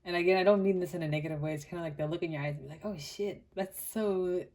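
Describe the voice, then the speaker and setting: Young woman from Botswana, low mellow tone, animated casual tarot reader. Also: racing. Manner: chatty and animated, many "like" fillers, laughs often. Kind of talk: casual pick-a-card tarot reading.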